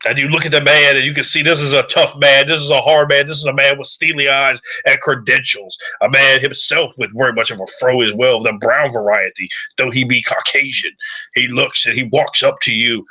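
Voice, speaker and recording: A man narrating a tabletop game as loud, swearing wrestling play-by-play, as game master. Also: mid-range voice, steady tone, a little fast, low-quality recording.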